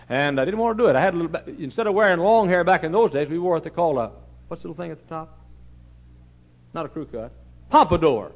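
A middle-aged man with a Texan accent, preaching a folksy, humorous storytelling sermon that swings from loud to hushed. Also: fairly high pitch, lively intonation, fast, lo-fi sound.

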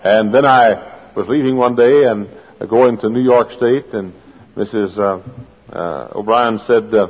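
A husky-voiced male preacher delivering a sermon, shifting from homespun anecdotes to fervent, rising proclamation. The sound is dull and lo-fi, with a long reverb trailing off the walls of a large hall. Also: lowish voice, unhurried. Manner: folksy storytelling building to fervent preaching. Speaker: pastor.

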